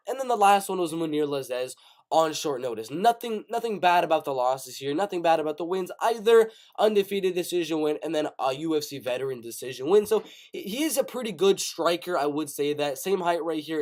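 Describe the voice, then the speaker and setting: A man hosting a casual live show, giving animated, rapid-fire fight predictions with play-by-play bursts. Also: on the high side. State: coughing, sick. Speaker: MMA prediction show host. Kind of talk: casual live-stream commentary.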